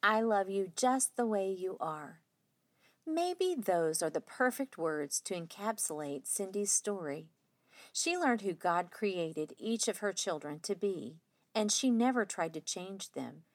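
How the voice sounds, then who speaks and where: A woman host giving a measured, scripted narration that sums up a guest's story. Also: medium pitch, very animated, no echo.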